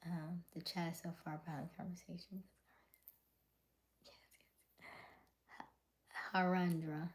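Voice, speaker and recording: Softly whispering livestream host woman. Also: lowish voice, flat delivery, unhurried, long pauses. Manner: often drops to a whisper, laughs, greets viewers. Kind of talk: casual live chat reading comments.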